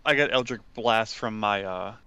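Dude playing dnd, bright voice, super dry sound, kinda forgetful. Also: male voice, on the low side, normal speed, smooth, dry recording, muffled recording. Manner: forgetful, trailing off. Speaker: player. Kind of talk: casual tabletop game play.

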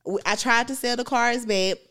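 Brief: woman, 30s, podcast co-host. Slightly high voice, rambling and casual. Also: steady tone, normal speed, pushed and bright, smooth. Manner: rambling, heavy on filler words. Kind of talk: casual chat.

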